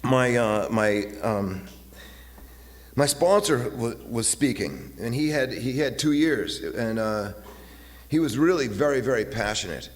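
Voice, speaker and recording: A man in his fifties giving a halting, personal talk at a recovery meeting, often repeating his words and acting out voices as he retells. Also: medium pitch, lively intonation. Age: 50s. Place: meeting hall. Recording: long hall reverb, faint hiss.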